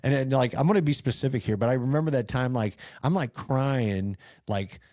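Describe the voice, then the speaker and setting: A man's voice: mid-range voice, a little fast, darkish tone, no echo, clean studio sound. Earnest rambling man telling his story. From rural northeast Missouri. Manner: earnest, rambling with many fillers and restarts. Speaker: company founder, podcast guest. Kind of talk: casual interview storytelling.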